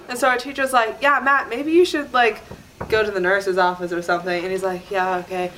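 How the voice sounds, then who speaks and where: A woman chatting casually on a podcast, telling a story with lively quoted voices and frequent laughter. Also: mid-range voice, a little fast, background noise. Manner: animated, acts out quoted voices, laughs often.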